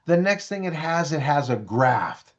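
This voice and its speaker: Man, middle-aged, animated storyteller, fairly high voice, dull lo-fi sound. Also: a little slow. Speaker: parent educator. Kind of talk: storytelling presentation. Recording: dull lo-fi recording.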